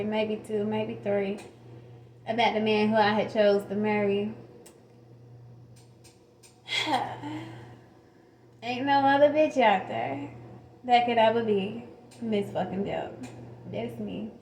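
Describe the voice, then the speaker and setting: A woman's voice: fairly high pitch, darkish tone, slight background noise. A woman telling a personal story to camera in a casual, frank and profane way, laughing often. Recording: roomy echo.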